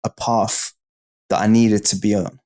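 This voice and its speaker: A man's voice: on the low side, little pitch movement, unhurried, darkish tone. A man with a British accent, a guest in an interview, telling stories in a casual, slang-heavy way and often asking "do you know what I mean". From United Kingdom.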